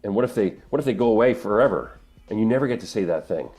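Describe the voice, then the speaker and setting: A middle-aged man, a voice actor, answering interview questions in an earnest, emotional way, often pausing and restarting. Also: on the low side, animated, a little mellow, soft background music. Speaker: voice actor guest.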